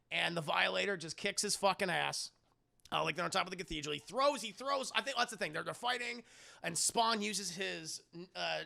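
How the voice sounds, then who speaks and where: A man's voice: high voice, vocal fry, sharp tone. A man streaming a casual film recap, talking in a profane, rambling way.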